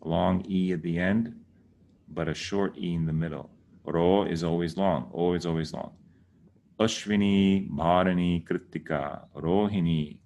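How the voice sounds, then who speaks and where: A man's voice: sits low, steady tone, a little slow, vocal fry, darkish tone, slight background noise. A man giving a casual lesson, patiently repeating words to correct how people say them. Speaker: teacher.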